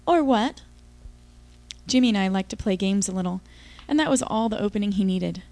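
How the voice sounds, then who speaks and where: A woman's voice: medium pitch, fast talker, a little mellow, no room sound. A woman giving an intimate, confiding first-person audiobook narration.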